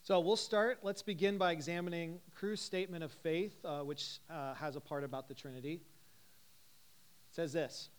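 A man's voice: fairly high pitch, steady tone, moderate pace. Man giving a chatty evening teaching talk. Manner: conversational, frequent "uh" fillers, asks the audience questions. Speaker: teacher at a Christian ministry gathering. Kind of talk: casual teaching talk to a live group.

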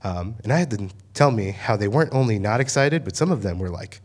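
Young male campus minister, lowish voice, loose chatty sermon delivery with asides. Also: lively intonation, fairly quick. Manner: conversational, many fillers, paraphrasing with voiced asides. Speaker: campus ministry staff speaker. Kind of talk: casual sermon talk.

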